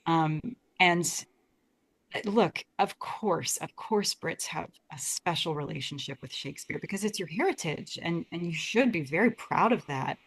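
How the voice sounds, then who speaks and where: A woman's voice: on the low side, expressive, moderate pace, breathy edge. A young American woman, a guest talking earnestly about Shakespeare in a casual interview, often restarting her words. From United States. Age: young adult.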